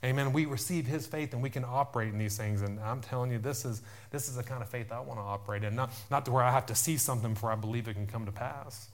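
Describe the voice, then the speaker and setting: A man's voice: medium pitch, fast talker, hardly any pauses. A man preaching a fervent sermon, repeating himself and calling out amen and church. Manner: fervent, repetitive preaching with many amens.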